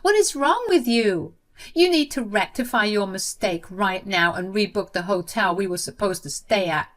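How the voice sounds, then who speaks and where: A woman voicing an entitled, panicky sister-in-law with a high, shrill voice in a read-aloud story. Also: animated, moderate pace, fairly bright tone. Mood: furious.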